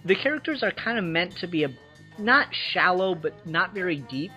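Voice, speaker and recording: A speaker of middling pitch lays out careful, structured points in a movie chat, calm and analytical. The recording is slightly muffled, with faint music underneath. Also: normal speed. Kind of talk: casual movie review chat.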